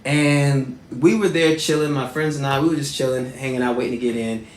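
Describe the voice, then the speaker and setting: A man in his thirties hosting and telling personal stories in a casual, animated way, with lots of shout-outs and fillers. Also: medium pitch, a little fast, roomy sound, a little hiss or hum. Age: 30s. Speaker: host.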